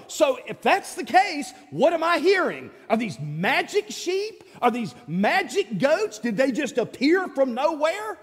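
A man's voice: very high-pitched, long reverb tail, voice pushed up. A man voicing a prophet who mocks a king with sarcastic questions.

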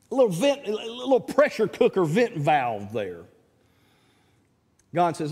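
A man preaching a sermon in a folksy manner, dropping his voice low and soft on key words and rising high when he quotes others. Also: sing-song, takes it slowly, breathy edge, in a large hall. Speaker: pastor.

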